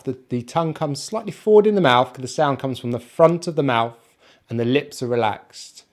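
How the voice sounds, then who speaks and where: A man with a British accent teaching an online pronunciation lesson, speaking slowly and modelling each sound one at a time. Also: mid-range voice, lively intonation. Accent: British English, non-rhotic. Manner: slow, careful, demonstrates sounds one by one.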